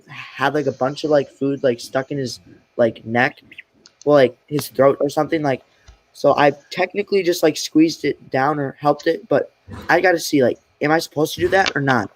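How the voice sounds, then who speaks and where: A man's voice: a little high, moderate pace, no echo. A man in casual chat, rambling and filling his sentences with "like". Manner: rambling, constant "like" fillers.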